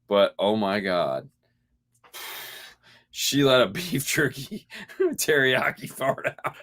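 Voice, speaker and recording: A man co-hosting a casual podcast chat, telling animated stories, acting out quotes and laughing often. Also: medium pitch, slow pace. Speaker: podcast co-host.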